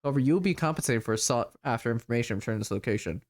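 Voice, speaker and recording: Man reading a flat automated phone message. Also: medium pitch, very fast, natural voice. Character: monotone automated message voice, male. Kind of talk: reading game text aloud.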